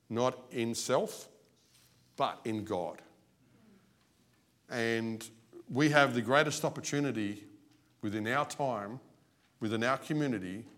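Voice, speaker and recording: A man preaching an evening service sermon, animated, his voice swinging between loud and soft. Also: medium pitch. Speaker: lay preacher. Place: church.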